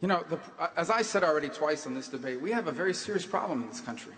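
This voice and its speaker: A man speaks quickly and forcefully from a debate stage, hammering his points with repeated phrases. His voice sits high for a man. The sound carries the long echo of a big hall. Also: animated. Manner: forceful, emphatic, repetitive phrasing. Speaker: presidential candidate. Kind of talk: political debate answer. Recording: echoey hall reverb.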